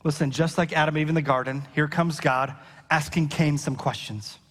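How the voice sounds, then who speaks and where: A man's voice: fairly high pitch, fairly even intonation, normal speed, a bit bright, big-room sound. A man preaching a sermon as pastor, reading scripture and repeating key lines with rising emphasis. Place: church hall.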